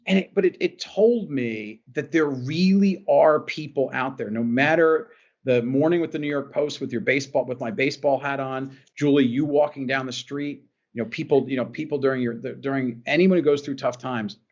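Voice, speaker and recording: A man's voice: mid-range voice, moderate pace, highs cut off. A man from New Jersey, a guest on a podcast, telling a personal story in an earnest way and often repeating phrases as he goes. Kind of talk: emotional personal storytelling in an interview.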